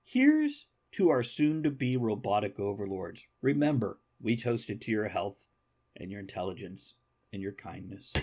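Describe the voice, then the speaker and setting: A man's voice: fairly low pitch, sing-song, a little slow, a little mellow. A man hosting a podcast, chatting casually in a joking, rambling way and laughing often. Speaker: podcast host. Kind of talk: casual chat.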